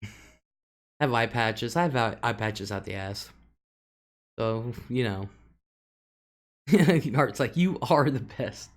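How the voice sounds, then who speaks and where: A woman's voice: very deep voice, expressive, slow pace, long pauses. A middle-aged woman hosting a casual livestream, reading out viewer comments and laughing often. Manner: chatty, laughs often, drawls some words. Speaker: livestream host.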